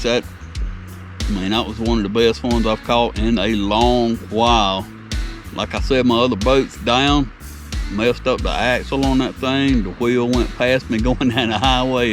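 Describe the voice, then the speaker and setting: A man with a drawl talks on camera from a small jon boat, folksy and easygoing, letting out excited whoops now and then. His voice sits at an ordinary middle pitch, caught by a camera mounted on the boat, with faint music playing underneath. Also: normal speed. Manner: folksy, excited exclamations, laid-back drawl. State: out of breath at times. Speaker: fishing vlogger. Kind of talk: casual outdoor fishing vlog.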